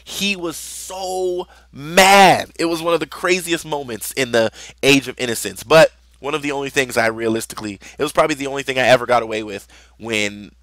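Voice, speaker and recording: A man's voice: mid-range voice, fast talker, fairly bright tone, no room sound. Young man telling a rambling story. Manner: rambling, conversational, with many fillers. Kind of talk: casual storytelling vlog.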